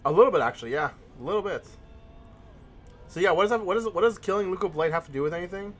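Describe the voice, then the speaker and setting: A man's voice: high voice, expressive, rapid-fire, slight background noise. A young man hosting a let's play, chatting in a rambling, casual way with frequent restarts. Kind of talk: casual gaming commentary.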